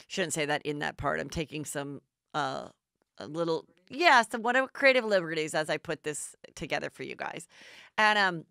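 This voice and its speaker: A woman's voice: sits low, expressive, moderate pace, gravelly, pushed and bright, dry recording, studio quality. A middle-aged woman hosting a podcast, recapping gossip in a chatty way and acting out the quotes in put-on voices. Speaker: podcast host.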